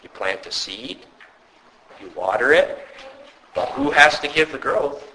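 A male pastor giving a sermon, earnest and measured, with occasional storytelling asides. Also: medium pitch, lively intonation, sharp tone, a little hiss or hum, poor audio.

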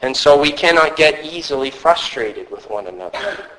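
A male pastor giving a sermon, earnest and measured, with occasional storytelling asides. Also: a little high, lively intonation, a bit bright, poor audio.

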